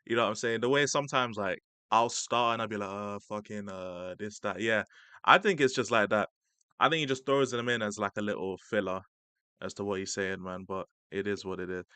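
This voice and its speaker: A man giving casual, slangy live-stream commentary, laughing often and breaking into excited asides. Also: on the low side, brisk, clear, resonant tone, dry recording. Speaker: streamer reacting to a debate.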